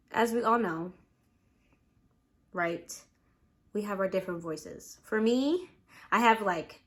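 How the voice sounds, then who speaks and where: A young woman in college, chatting casually to camera as a vlogger while eating, relaxed and rambling with many fillers. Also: mid-range voice. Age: young adult. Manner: relaxed, rambling, lots of "like" and "you know".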